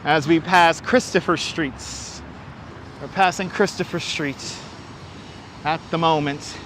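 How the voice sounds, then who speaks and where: A man's voice: on the high side, steady tone, slow, fairly bright tone, a little hiss or hum. Chatty man livestreaming from city streets. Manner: chatty, greets viewers and reads their comments aloud; enthusiastic. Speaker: livestream host. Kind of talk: casual walking livestream chat. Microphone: wireless clip-on mic.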